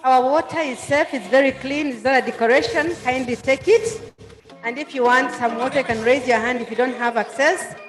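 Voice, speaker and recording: High-voiced Kenyan woman emceeing. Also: fairly quick. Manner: friendly, coaxing announcements. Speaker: master of ceremonies. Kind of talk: emceeing a public meeting. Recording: echoey hall with faint music.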